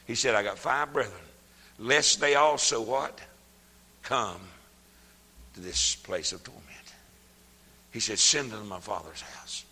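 An older man preaching a sermon, folksy and plain-spoken, his voice swelling up into shouts. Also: fairly low pitch, expressive, unhurried, pauses often, breathy edge, in a large hall.

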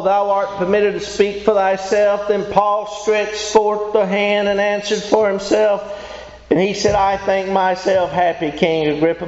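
His voice sits high and a little mellow as he preaches to a congregation in a church hall, emphatic and folksy, frequently asking them questions in a call-and-response sermon. Echo fills the hall, and the lo-fi sound is dull.

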